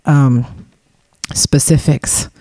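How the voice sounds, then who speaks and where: A woman's voice: very deep voice, extremely slow, no echo, studio quality. A woman telling a rowdy story in casual chat, giggling often and jumping into voiced impressions. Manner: giggly, animated, lots of fillers and voiced impressions.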